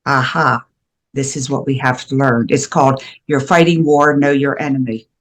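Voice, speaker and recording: A woman's voice: very deep voice, steady tone, normal speed. An older woman who is a guest educator, talking in an earnest, emphatic way with frequent restarts during a conversational interview. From USA. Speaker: guest, shame and guilt educator.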